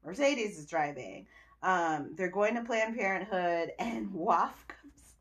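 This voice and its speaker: A young woman hosting a podcast, recapping a TV episode in casual chat, animated and exasperated, with cursing and laughter. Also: mid-range voice, takes it slowly. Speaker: podcast host reviewing a TV episode.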